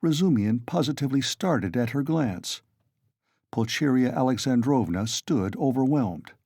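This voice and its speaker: A man reads an audiobook in a steady, expressive manner. His intonation rises and falls in wide, lively swings over a mellow, dark tone. The recording is dry and close. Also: mid-range voice, a little slow, slightly rough, no room sound. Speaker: audiobook narrator. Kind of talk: audiobook narration.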